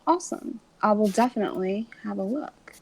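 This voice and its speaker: A woman hosting a casual online chat, frank and quick to swear and laugh. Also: mid-range voice, lively intonation, a little mellow, slightly rough, low-quality recording. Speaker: podcast host.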